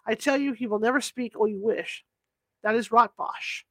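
A woman's voice on the high side, at a moderate pace and with no room sound, takes on the role of an excited, insistent male scholar in an audiobook. She reads with urgency and earnestness.

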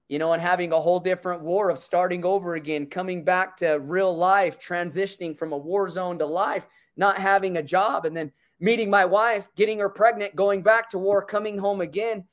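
A man's voice: sits high, fairly even intonation, normal speed. A man in his thirties telling an emotional personal story in a casual, earnest way, peppering his talk with "dude" and "bro". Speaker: co-host.

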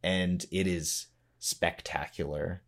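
A man's voice: low-pitched, fairly even intonation, slow pace. A man co-hosting a podcast in casual chat, rambling and explaining at length, often laughing. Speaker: podcast co-host.

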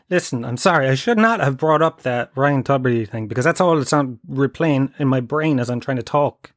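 A man's voice: mid-range voice, expressive, normal speed, no echo, studio quality. A Kerry Irish man in his thirties, hosting a podcast with a rambling, sweary comic monologue. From Ireland (Tralee, Kerry). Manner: rambling, sweary, laughing at his own jokes. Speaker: podcast host.

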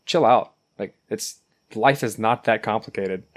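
A man's voice: lowish voice, unhurried. A man co-hosting a casual podcast, speaking bluntly with many fillers. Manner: blunt, outspoken, filler-heavy. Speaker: podcast co-host.

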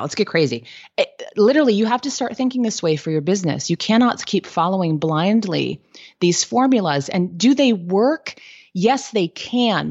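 A woman guest giving candid business advice in a podcast interview, telling lively stories with lots of "like" and "um". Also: fairly low pitch, dull audio. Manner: candid, lively storytelling with frequent "like" and "um".

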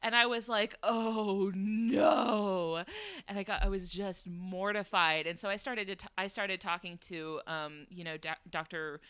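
A woman guest on a podcast, telling a story in casual chat, animated and laughing often, with many fillers. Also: fairly low pitch, moderate pace, few pauses, smooth, dry recording. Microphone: home podcast microphone.

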